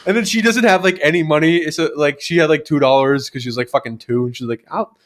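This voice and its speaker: Talking fast in a fairly high, slightly bright voice, a young podcast co-host spins rambling childhood stories in casual chat. Fillers and swearing run all through it.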